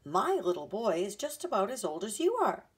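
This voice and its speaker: A woman voicing a cross older grandfather in a read-aloud storybook, with a gruff, emphatic delivery. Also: medium pitch, very animated, moderate pace.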